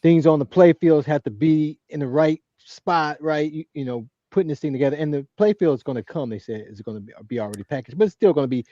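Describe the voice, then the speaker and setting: Co-host, male, earnest and halting, mellow dark tone, dull lo-fi mic. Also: fairly high pitch, dry recording. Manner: earnest, repeats words and restarts often. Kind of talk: casual podcast chat.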